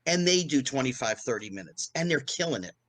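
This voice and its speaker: A man in his fifties from New Jersey, a guest in an interview, telling a fast anecdote and acting out the quotes with big jumps in pitch. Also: big pitch swings, fairly bright tone, no room sound. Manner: fast storytelling with acted-out quotes, rising pitch on punchlines. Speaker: guest, former child actor.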